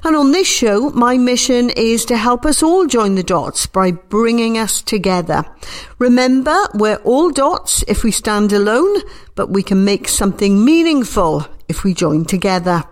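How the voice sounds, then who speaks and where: A woman with a slightly nasal voice, presenting a hospital radio show from home in a gentle, reassuring way. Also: on the high side, expressive, measured pace.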